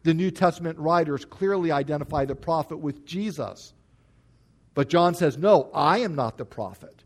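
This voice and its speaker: A man's voice: fairly high pitch, expressive, measured pace. A man preaching a sermon, explaining scripture verse by verse with emphatic stress on key points. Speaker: pastor.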